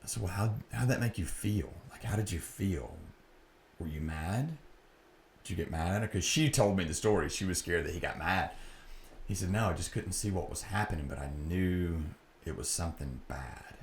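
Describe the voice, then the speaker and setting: A middle-aged man with a very low, deep voice tells a personal story in an earnest, reflective way, acting out both sides of a conversation. He sounds like he is in an echoey room, with a faint noise behind him. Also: moderate pace. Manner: earnest, reflective, re-enacts dialogue. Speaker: podcast host.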